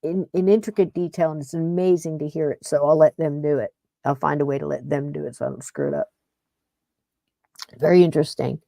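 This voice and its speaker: A woman's voice: sits low, steady tone, fairly quick, creaky, dark tone, no echo. A middle-aged woman hosting a paranormal podcast, talking in a rambling, chatty way that often breaks off and restarts. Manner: rambling, chatty, self-interrupting. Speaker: podcast host. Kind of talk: casual paranormal podcast talk.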